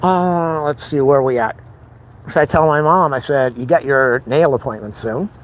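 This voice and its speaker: A man's voice: mid-range voice, normal speed. Rambling frustrated man venting on a live stream. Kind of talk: casual live-stream monologue.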